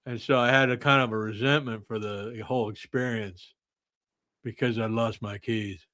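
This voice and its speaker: A man hosting a podcast, drifting through rambling, absurd tangents in a middle-pitched voice. The sound is dry and close, with no room echo around him. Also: steady tone, moderate pace, bright, forceful tone. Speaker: podcast host. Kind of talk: casual podcast chat.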